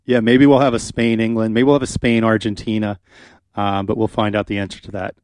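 A man's voice: on the low side, flat delivery, a little fast, a little mellow, no room sound, studio quality. A man hosting a radio talk show, talking casually and chattily with frequent fillers. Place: radio studio. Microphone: studio microphone.

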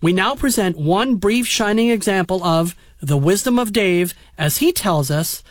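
A man hosting a radio show about old clips, chatty and quick to laugh. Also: high-pitched, expressive, no echo, studio quality. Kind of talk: casual radio chat.

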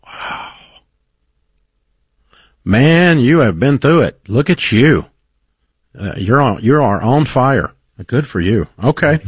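A man's voice: medium pitch, sing-song, takes it slowly, pauses often, breathy edge, no echo. A man hosting a call-in advice show, talking in an encouraging, folksy, faith-based coaching way, with studio mic sound. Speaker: radio show host.

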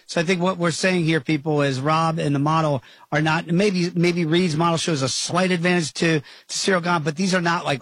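A man hosting a fight betting podcast, chatting in a lively, jokey way. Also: a little high, moderate pace, hardly any pauses, dry recording. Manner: lively, jokey, does impressions. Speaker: podcast host. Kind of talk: casual podcast chat.

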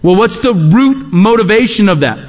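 A man's voice: high-pitched, expressive, normal speed, in a large hall. A man preaching a sermon, emphatic and repeating his key phrases. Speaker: pastor.

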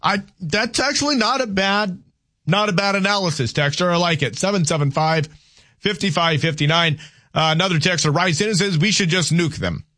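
Male talk radio host, opinionated, conversational, high voice. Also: normal speed, pushed and bright. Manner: opinionated, conversational, reads texts aloud.

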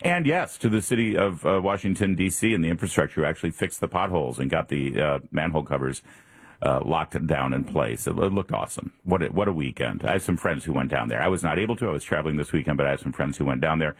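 A man with a very low, husky voice hosts a morning radio talk show. He rambles casually, with plenty of fillers and restarts. The studio sound is close and dry. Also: lively intonation, fast, dry recording.

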